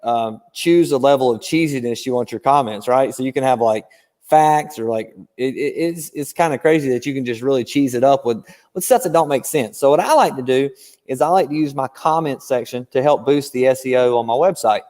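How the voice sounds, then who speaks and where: A man chats as a guest on a podcast, walking through dealership tactics and telling stories with concrete examples. His pitch sits mid-range. The recording carries a long reverb tail. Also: fairly quick. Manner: animated storyteller, explains with examples. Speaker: guest car-dealership trainer. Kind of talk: casual podcast chat.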